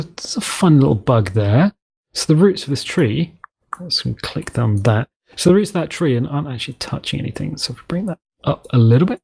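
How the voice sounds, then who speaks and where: This man's medium-pitched voice is gravelly and a bit mellow, with a breathy edge, and he sounds animated at a normal speed. He rambles through self-mocking let's-play commentary as he builds in the game's map editor, sometimes switching to silly voices.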